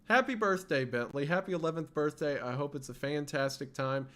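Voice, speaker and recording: Relaxed man chatting on a livestream. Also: on the high side, brisk. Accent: faint Southern US. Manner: relaxed, rambling with restarts. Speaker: streamer. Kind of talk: casual livestream chat.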